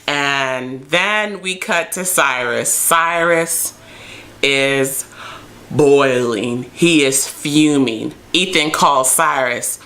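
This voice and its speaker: A young woman with a low but bright, forceful voice recaps a TV episode for her viewers. She talks in a loose, chatty way and keeps acting out the characters' lines. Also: very slow. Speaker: TV episode reviewer. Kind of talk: casual recap vlog.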